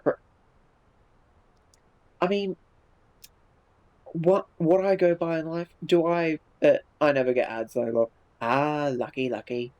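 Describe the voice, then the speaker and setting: A man's voice: a little high, fairly even intonation, slow pace, pauses often, a little mellow, muffled recording. A man streaming live, chatting casually and reacting to viewer messages in a laid-back way, swearing freely and restarting his sentences.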